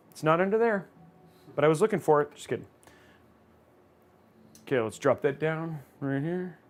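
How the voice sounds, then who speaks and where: Excitable man live-streaming a PC build. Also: sits high. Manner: excitable, reads chat aloud, loud outbursts of mock rage. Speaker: livestream host building a gaming PC. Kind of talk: casual live-stream chat.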